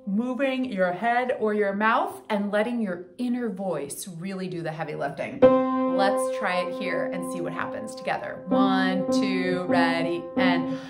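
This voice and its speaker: A woman voice coach teaching a singing lesson, counting in and demonstrating warm-ups in an encouraging way. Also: mid-range voice, normal speed, loud music behind the voice. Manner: encouraging, counts in and sings along.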